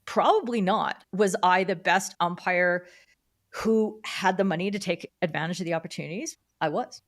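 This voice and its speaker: A middle-aged woman from Canada, a guest on a podcast, telling stories about her career in a lively, casual way and acting out the voices of the people in them. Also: lowish voice, normal speed. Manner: animated storyteller who acts out quoted dialogue. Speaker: podcast guest, field hockey umpire. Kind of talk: casual interview storytelling.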